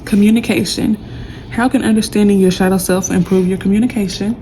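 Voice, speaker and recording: A woman's voice: medium pitch, fairly even intonation, a little fast, a little hiss or hum, poor audio. A young woman giving a casual tarot reading, chatty and emotional, talking straight to her viewers. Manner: chatty, warm and emotional, says y'all a lot. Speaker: tarot reader.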